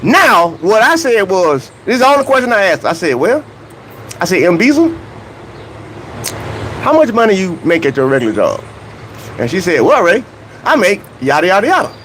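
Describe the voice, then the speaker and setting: A man's voice: high voice, sing-song, moderate pace, long pauses, fairly bright tone, a little hiss or hum, poor audio. A man hosting a casual livestream vlog about track and field, greeting chat viewers by name and talking in loose slang. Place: outdoors near a hotel, humid weather.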